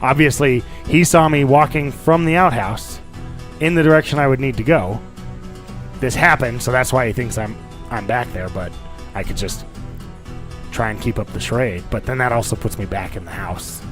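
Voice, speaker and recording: A man's voice: mid-range voice, normal speed, music in the background. A man playing a tabletop game, thinking aloud as he weighs his options. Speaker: player. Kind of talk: casual tabletop play.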